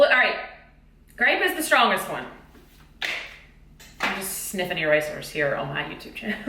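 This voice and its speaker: A woman's voice: fairly high pitch, bright, forceful tone, slight background noise. A woman teacher chatting in a bubbly, exclamatory way about a haul of school supplies. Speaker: teacher vlogger. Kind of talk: casual haul vlog. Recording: echoey room.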